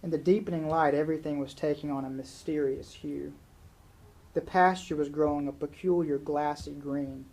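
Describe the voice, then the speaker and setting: Preacher guy reading a story out loud to his church, easygoing and conversational. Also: fairly high pitch, vocal fry, rough recording.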